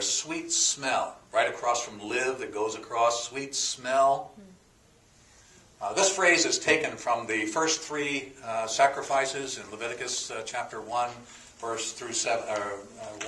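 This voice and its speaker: A man's voice: mid-range voice, unhurried, a bit bright, recorded from a distance. A man teaching a sermon, explaining words one by one in a folksy way with fillers and a joke. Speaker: pastor. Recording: echoey room, voice from off the mic.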